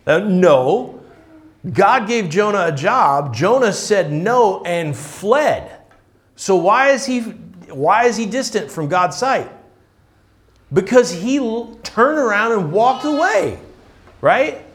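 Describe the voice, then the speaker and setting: A man's voice: high voice, sing-song, takes it slowly. Casual, chatty male preacher. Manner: casual, often asks "right?". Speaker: pastor. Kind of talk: conversational sermon.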